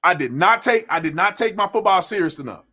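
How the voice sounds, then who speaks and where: A man's voice: sits high, lively intonation, a little fast, bright, forceful tone, husky. A young adult man giving a blunt, scolding monologue on his own show, with a preacher-like cadence and lots of repeated phrases. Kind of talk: impassioned monologue.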